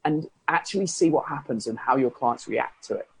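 With a gravelly, husky mid-range voice and a fairly bright tone, a fitness coach chats about his coaching approach at a moderate pace, rambling and fixing his words as he talks. No room sound is audible.

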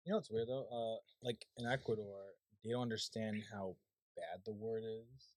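A man's voice: lowish voice, a little mellow, dry recording, rough recording. A young man co-hosting a podcast, telling rambling stories with lots of restarts in casual chat. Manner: fast, rambling storyteller with many restarts. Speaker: podcast co-host.

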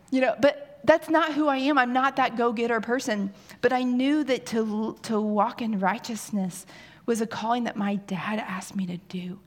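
A woman in her forties preaching a sermon with a candid, self-deprecating manner. She tells personal stories with lively animation. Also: medium pitch.

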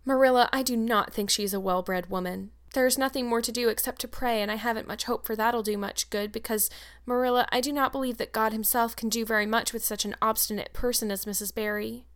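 A woman's voice: fairly high pitch, steady tone, a little fast, lightly acted. A woman reading an audiobook and voicing an eleven-year-old orphan girl who speaks in a flowery, dramatic way. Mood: despairing. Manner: breathless, flowery, pleading.

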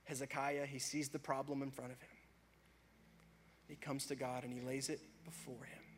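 A man preaching a sermon, rising to loud, fervent prayer and dropping back to a soft, conversational tone. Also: level tone, moderate pace, a little hiss or hum. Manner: builds to loud, high-pitched fervor in prayers; drops to soft, low conversational tone between peaks. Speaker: pastor.

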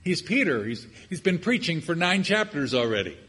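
Husky older preacher in a reverberant hall. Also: male voice, fairly high pitch, very animated, moderate pace, sharp tone. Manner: humorous, conversational asides. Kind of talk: sermon.

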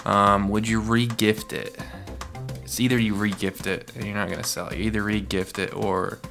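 A man's voice: on the low side, little pitch movement, moderate pace, gravelly, music in the background. A man co-hosting a podcast, chatting casually and laying out playful hypothetical scenarios. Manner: playful, rambling, poses hypotheticals. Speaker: podcast co-host.

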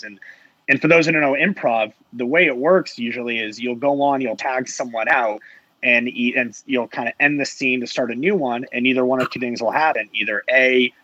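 A man's voice: medium pitch, normal speed, sharp tone, no room sound, muffled recording. A man who manages sales reps, chatting casually on a panel and rambling with lots of filler words.

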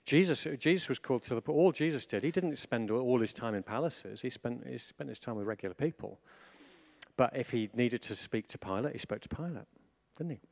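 A man preaching a sermon in a chatty, animated way, full of asides and restarts. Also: medium pitch, a little fast, creaky.

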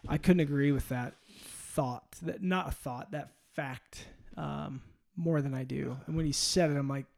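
Creaky-voiced male podcast host. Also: fairly high pitch, steady tone, darkish tone. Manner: enthusiastic, halting with fillers and restarts. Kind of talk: conversational interview.

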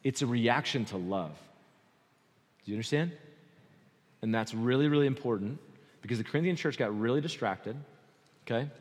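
A man preaching a sermon as pastor in a conversational, animated way, often checking in with his listeners. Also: mid-range voice, normal speed, pauses often. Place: church sanctuary. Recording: long hall reverb.

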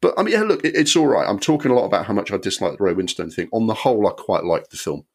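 A man co-hosts a film podcast in a relaxed, chatty way. His voice sits very low and deep. He is opinionated and rambles, often restarting his sentences. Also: fast talker, breathy edge. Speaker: podcast co-host. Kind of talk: casual film review chat.

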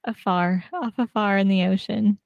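An upbeat woman co-hosting a podcast, talking freely and laughing often. Her voice has a middling pitch. The sound is dry and close-miked. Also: normal speed, gravelly, no echo, narrow, tinny audio. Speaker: podcast co-host. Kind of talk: casual chat.

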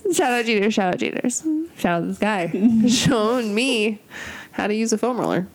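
Laughing, animated woman telling stories. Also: on the high side, normal speed. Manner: animated storyteller, acts out quotes, laughs often. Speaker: podcast co-host. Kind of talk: casual chat. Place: in a bed at home.

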